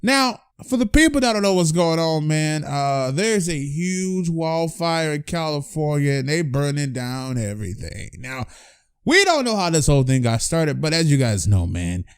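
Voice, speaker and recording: Man, news commentary host, casual, chatty, lively pitch, dry close sound. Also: a little slow, smooth, no room sound. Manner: animated, chatty, addresses fans directly.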